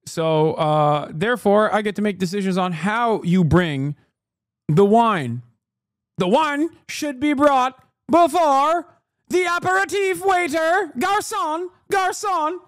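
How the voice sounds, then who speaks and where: A snooty, entitled restaurant customer played by a man talks down to his waiter with haughty condescension. The voice is high and the sound dry. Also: expressive, takes it slowly, a bit bright, dry recording, heavily acted.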